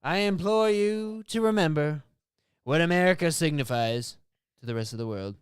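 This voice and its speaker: A man slips into a swelling, pompous orator voice full of grand pauses. It sits a little high and sounds smooth and clear, recorded close with no room sound. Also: dry recording, natural voice. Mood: grandiose. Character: man doing a blustery political impression.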